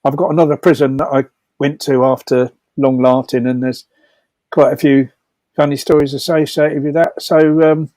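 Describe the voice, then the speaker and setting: A man's voice: medium pitch, fairly even intonation, normal speed, darkish tone, no echo. An older man telling rambling stories casually, laughing often and restarting his sentences. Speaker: storyteller at a comedy fundraiser. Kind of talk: casual anecdotal storytelling.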